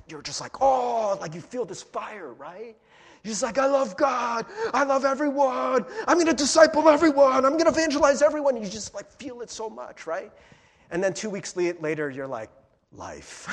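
A husky, fairly high-voiced man preaches in a loose, conversational way. His pitch swings widely as he acts out little scenes and keeps asking his listeners "right?". It sounds like a friendly talk rather than a formal sermon. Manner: casual, chatty preaching with many "right?" asides and playful impressions. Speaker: pastor.

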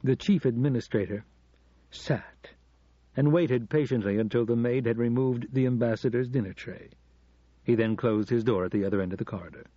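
Man, audiobook narrator, measured suspenseful reading, husky voice, muffled dry cassette recording. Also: medium pitch, mellow, no echo. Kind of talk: scripted narration.

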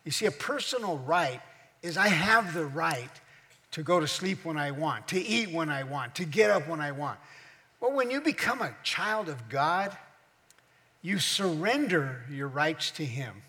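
A middle-aged male pastor preaching a sermon in a church hall, his fairly high voice trailing off in a long reverb. He teaches as he goes and keeps turning questions back to the congregation. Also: big pitch swings, a little slow, sharp tone.

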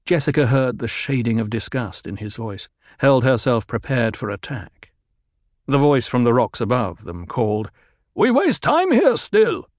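A man narrating a novel in a calm, measured voice. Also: mid-range voice, dry recording, clean studio sound. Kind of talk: audiobook narration.

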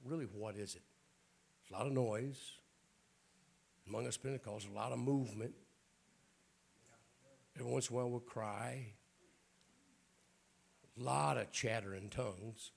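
A middle-aged man preaching an informal Pentecostal sermon in a church, hoarse and raspy, often clearing his throat, with folksy jokes to the congregation. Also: medium pitch, moderate pace, long pauses. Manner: folksy, joking asides to the congregation.

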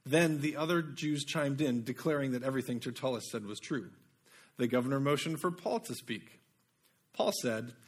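A man's voice: medium pitch, normal speed, slightly rough. A man preaching a sermon in a conversational way, often putting rhetorical questions to the listeners.

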